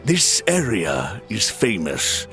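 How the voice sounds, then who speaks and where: A serious, insistent detective from a video game, lecturing his partner in a firm, gravelly voice. His pitch moves lively as he presses his point, and game music sits clearly beneath him. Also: slow pace, exaggerated voice.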